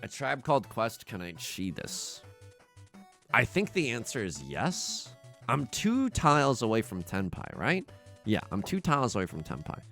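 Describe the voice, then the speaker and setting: Lively, gravelly man commentating a game. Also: medium pitch, measured pace, faint music behind. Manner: excitable, jokey, yelps and shouts at setbacks; mutters under his breath while counting tiles. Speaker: streamer playing a tile game. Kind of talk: live gameplay commentary.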